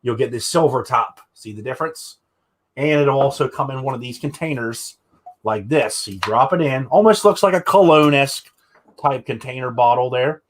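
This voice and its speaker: A young man chats easily on a livestream, joking with his guests and showing products. His voice sits at an ordinary middle pitch. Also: moderate pace, slight background noise. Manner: chatty, joking, shows products. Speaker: livestream host. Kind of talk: casual livestream chat.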